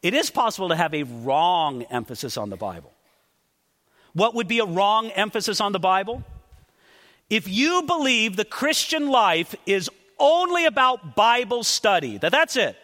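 A man preaching a sermon from a pulpit, emphatic and deliberate, stressing and repeating his key points. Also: high-pitched, sharp tone, long reverb tail. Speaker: pastor.

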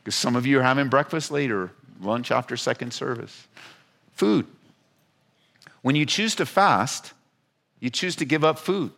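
A man preaching a sermon to his congregation, animated, stretching out words for emphasis. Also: mid-range voice, moderate pace, gravelly. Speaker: pastor.

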